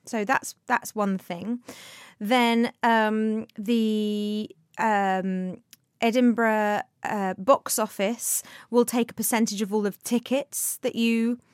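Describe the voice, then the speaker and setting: A woman's voice: a little high, fairly even intonation, slow, smooth, dry recording, studio quality. A woman co-hosting a podcast, chatting casually and thinking aloud with many fillers. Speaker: podcast co-host, comedian. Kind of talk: casual chat.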